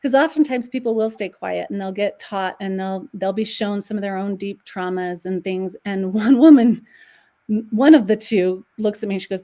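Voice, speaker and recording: Animated storytelling woman. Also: mid-range voice, moderate pace. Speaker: guest numerologist. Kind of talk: podcast conversation.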